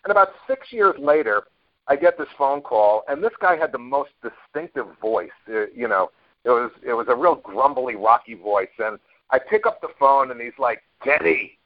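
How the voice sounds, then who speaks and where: A man's voice: medium pitch, animated, normal speed. Rambling man telling stories, muffled audio. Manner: rambling anecdotes with many fillers and restarts. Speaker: guest, network marketer. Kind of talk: casual storytelling interview. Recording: dull lo-fi audio.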